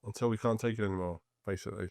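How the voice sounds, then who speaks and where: Low-voiced man asking rambling questions. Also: steady tone, rapid-fire, gravelly, darkish tone, no echo, studio quality. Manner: hesitant, rambling questions with restarts. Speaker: podcast host. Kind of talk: interview. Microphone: video call.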